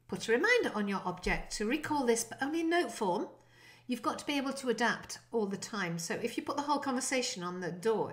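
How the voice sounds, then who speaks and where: A woman with a slightly high voice gives an online language lesson. She talks in a lively, encouraging way, coaching learners and demonstrating short French phrases. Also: moderate pace.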